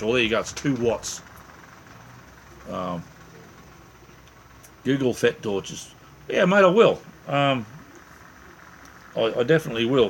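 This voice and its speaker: A man's voice: medium pitch, a little hiss or hum. A middle-aged Australian man hosting a casual live stream, rambling and joking as he chats with viewers. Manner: rambling, chatty, jokey, with many restarts. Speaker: livestream host. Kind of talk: casual live chat reading viewer comments.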